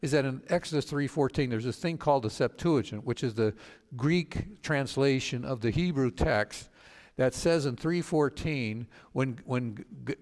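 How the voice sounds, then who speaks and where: A male pastor retells scripture stories for a study group at a middle pitch. He pauses and restarts often with fillers and shifts his voice to act out the people he quotes. A long reverb trails his words. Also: darkish tone. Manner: storytelling, halting with fillers and restarts; acts out quoted speakers with voice changes. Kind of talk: Bible study teaching.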